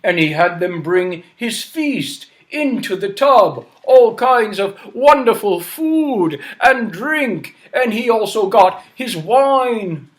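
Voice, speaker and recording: A male storyteller telling children's stories, animated and inviting listeners to repeat lines. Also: sits high, takes it slowly, hardly any pauses.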